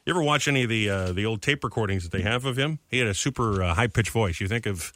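A man's voice: fairly low pitch, fast talker, a bit bright. A man hosting a morning radio show, chatting casually, running through the day's birthdays and reading out listener mail. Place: radio studio. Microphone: studio microphone.

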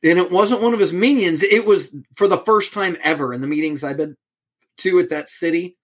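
A middle-aged man, a podcast guest, telling a story in a lively way and acting out the back-and-forth of a conversation. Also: high voice, fairly quick. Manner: animated storyteller, acts out quoted exchanges.

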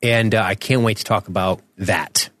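On a studio mic, a fortysomething podcast co-host from the United States rambles and cracks jokes, swearing casually as he chats. His voice is fairly low and fairly bright, with fairly even intonation at a moderate pace.

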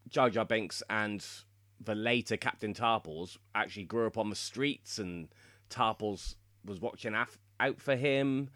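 A man's voice: fairly low pitch, a little slow, fairly bright tone, no echo, studio quality. A man co-hosting a podcast, explaining lore in casual chat and laughing often. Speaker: podcast co-host.

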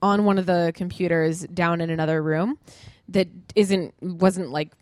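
A woman co-hosting a podcast, telling stories in casual chat with animated delivery, frequent swearing and laughter. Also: on the low side, a little slow, no room sound, studio quality. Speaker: podcast co-host.

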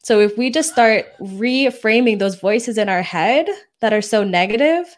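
A woman's voice: a little high, animated. A woman co-hosting a podcast in casual chat, earnest and candid. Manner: earnest, candid, quick bursts. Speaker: podcast co-host.

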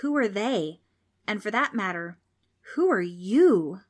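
A woman's voice: medium pitch, lively intonation, slow pace. A woman voicing a feisty, defiant young girl who talks back in a snappy, sassy way.

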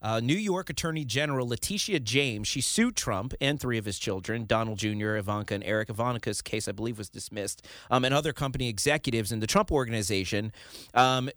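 A man hosting a political talk show, opinionated and animated, often laughing and mimicking the people he criticizes. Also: medium pitch, dry recording, studio quality.

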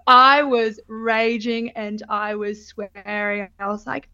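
A young woman talks through her birth story in a casual, candid chat, laughing often and swearing without a second thought. Her voice sits a little high. The recording is slightly dull and lo-fi. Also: fairly even intonation, slow, pushed and bright, smooth. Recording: dull lo-fi sound.

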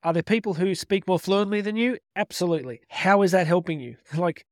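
A middle-aged man giving an energetic motivational talk, emphatic and repeating his key phrases. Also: high voice, brisk, no echo, clean studio sound. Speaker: motivational speaker. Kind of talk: direct-to-camera motivational talk.

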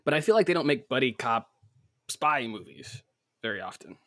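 A man chatting on a podcast in a bright, forward voice. He rambles with plenty of "um"s and restarts, and the sound is close and dry, with no room around it. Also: medium pitch, sing-song, moderate pace, dry recording. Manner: rambling, many fillers and restarts. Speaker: podcast co-host. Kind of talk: casual chat.

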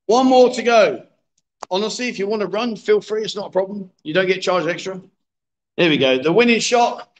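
A middle-aged man runs a live stream from a bar, coaxing the players and teasing them in a chatty, joking way. His voice sits fairly high for a man. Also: brisk, rough recording. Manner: jokey, coaxing, chatty with viewers. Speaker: livestream host. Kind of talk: live-streamed pool game commentary. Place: bar with a pool table.

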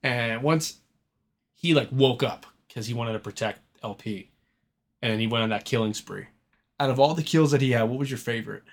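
A man's voice: mid-range voice, moderate pace. A young man co-hosting a casual horror movie podcast, laid-back, laughing often and swearing freely. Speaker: podcast co-host. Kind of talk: casual chat.

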